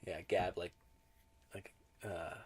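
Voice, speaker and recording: Young male co-host, low voice, laid-back and reflective, casual podcast chat. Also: flat delivery, slow pace, slightly rough.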